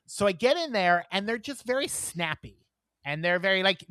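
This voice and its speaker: A man co-hosting a podcast, telling a story in casual chat, animated and profane, acting out the dialogue. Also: high-pitched, normal speed, no echo. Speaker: podcast co-host.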